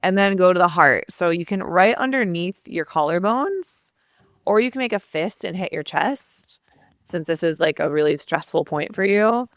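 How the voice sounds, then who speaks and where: A woman coach calmly guiding a tapping exercise with encouraging instructions. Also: fairly low pitch, moderate pace, no room sound, clean studio sound. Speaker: subconscious transformation coach.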